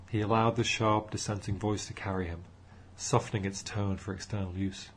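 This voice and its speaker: A man narrating an audiobook in a measured storytelling manner. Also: lowish voice, fairly even intonation, slight background noise.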